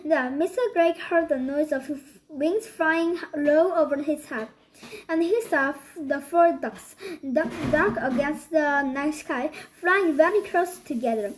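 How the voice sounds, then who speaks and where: A woman reading a children's book aloud, halting and restarting often. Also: high voice, a little hiss or hum, rough recording. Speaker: storybook reader.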